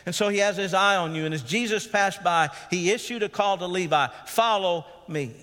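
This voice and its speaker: A man's voice: sits high, fairly quick, bright, forceful tone. A man, a pastor preaching an earnest sermon and calling out to the congregation. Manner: earnest preaching with calls of "Amen?". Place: church sanctuary. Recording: long church reverb.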